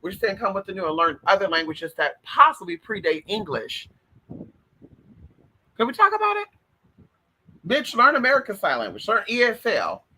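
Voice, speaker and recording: Man, high pitched, very bright tone, sassy, profane, animated, shouty bursts, casual advice monologue. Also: brisk, few pauses, slightly rough, poor audio. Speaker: host.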